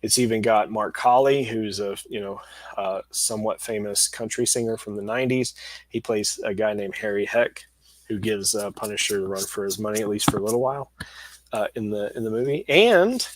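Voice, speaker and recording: A man's voice: on the low side, a little fast, low-quality recording. Rambling man chatting about comics. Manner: rambling, many fillers and restarts; excited bursts, chuckling. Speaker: comic creator and channel host. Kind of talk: casual chat flipping through comics.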